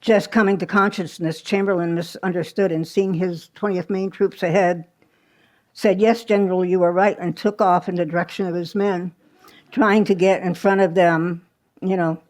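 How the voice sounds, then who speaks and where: A woman's voice: lowish voice, level tone, moderate pace, a little mellow. A woman giving a live history talk at a small museum, telling the story conversationally with asides and small restarts. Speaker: history presenter.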